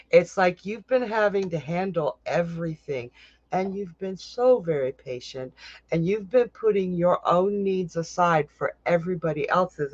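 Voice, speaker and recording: A man's voice: high voice, a bit bright, no echo, lo-fi sound. A man hosting a live stream as a psychic, giving casual tarot readings to viewers in a chatty way and laughing often.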